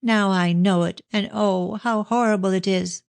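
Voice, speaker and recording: A woman's voice: medium pitch, fairly even intonation, a little slow, vocal fry, no echo, pitched above the performer's own voice. A woman voicing a proud, indignant young woman who speaks crossly in a storybook reading. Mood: horrified. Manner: cross, agitated.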